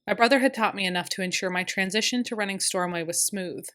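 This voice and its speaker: A woman's voice: medium pitch, fast, a bit bright. A woman narrating a first-person historical romance audiobook in an earnest, emotional way.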